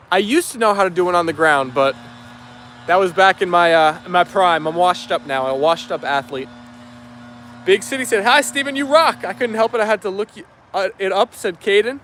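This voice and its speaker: A man's voice: high voice, expressive, moderate pace, fairly bright tone, a little hiss or hum. A man hosting a dog livestream outdoors, reading viewer comments aloud in an upbeat, easygoing way. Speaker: livestream host. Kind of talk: live chat reading.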